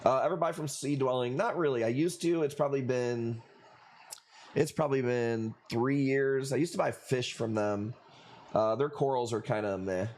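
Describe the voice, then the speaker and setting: A man's voice: medium pitch, normal speed, darkish tone, a little hiss or hum. Loose-talking guy hosting a stream. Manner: loose, profane banter with viewers, says dude a lot. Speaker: live coral auction stream host. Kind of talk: casual live-stream chat and auctioneering.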